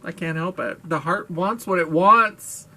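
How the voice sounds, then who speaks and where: A man's voice: high voice, unhurried, pushed and bright. A man vlogging in a casual monologue, gushing, playful and self-mocking, with a brash, blaring voice.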